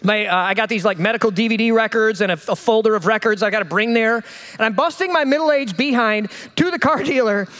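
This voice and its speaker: A man's voice: high-pitched, a little fast, fairly bright tone. A man, preaching a sermon as a jokey, self-deprecating storyteller. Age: 30s. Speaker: pastor.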